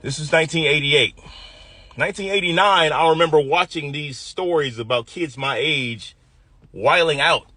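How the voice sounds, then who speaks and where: A man's voice: fairly high pitch, normal speed, bright, forceful tone. A man in his fifties from the US Midwest, telling a personal story vividly and acting out the quoted voices.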